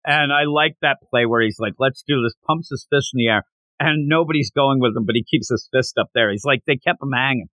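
A man's voice: mid-range voice, fairly quick, dry recording. A man hosting a casual manga review podcast, retelling scenes with energy and acting out the characters' lines. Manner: animated, acts out characters while retelling. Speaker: podcast host.

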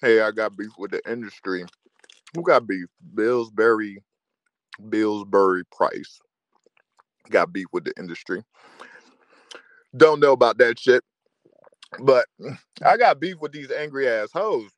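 A man's voice: medium pitch, expressive, moderate pace, pauses often, dry recording. A man hosting a live audio room, ranting crudely and cursing with frequent laughter. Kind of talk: profane casual rant to listeners.

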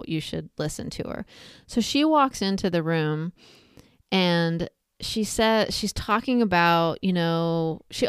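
A woman's voice: lowish voice, clear, resonant tone, dry recording, studio quality. A woman talking casually, retelling a film scene with asides and comparisons. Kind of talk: casual spoken reflection.

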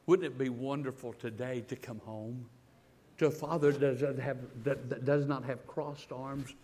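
A male pastor preaches at normal speed and medium pitch with fairly even intonation. His sermon moves between loud, emphatic surges and quiet, intimate passages, with frequent repetition of words as he builds.

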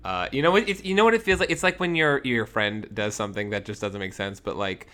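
A man's voice: fairly low pitch, fast, sharp tone. A young man co-hosting a podcast, chatting casually, swearing freely and breaking into laughter. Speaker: podcast co-host. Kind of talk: casual chat.

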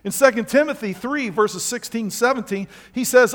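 A man's voice: extremely high pitch, moderate pace, few pauses, a bit bright. A pastor preaching to his congregation with emphatic rhetorical questions. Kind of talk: sermon.

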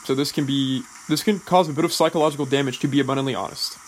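A man who is an actor, explaining drama school training in a deliberate, measured way, often restarting words. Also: mid-range voice, fairly even intonation, slight background noise, low-quality recording. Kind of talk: explanatory talk.

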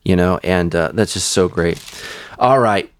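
A man with a very deep voice hosting a podcast as a pastor, eager and affirming as he explains passages to his guest. The recording is dry and close. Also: a little slow, no room sound. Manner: enthusiastic, affirming, teaching aside. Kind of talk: casual interview conversation.

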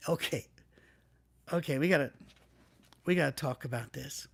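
A male pastor preaching in a relaxed, conversational way, acting out the people he quotes. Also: a little high, moderate pace, creaky, breathy edge. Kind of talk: sermon.

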